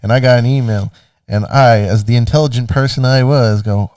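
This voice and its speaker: A man on a casual gaming podcast tells a story, slipping into animated bits where he replays what he said. He sits a little back from the mic, which catches his voice in a dry, dead room. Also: medium pitch, fairly quick, dry recording, far from the mic. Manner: animated, acts out his own past lines. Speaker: podcast co-host.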